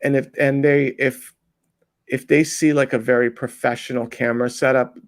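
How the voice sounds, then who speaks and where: A man with a gravelly, creaky voice talks as a guest on a casual interview show. He rambles and restarts often, acting out the people he is describing. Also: medium pitch, little pitch movement, normal speed. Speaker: interview guest, undercover video maker.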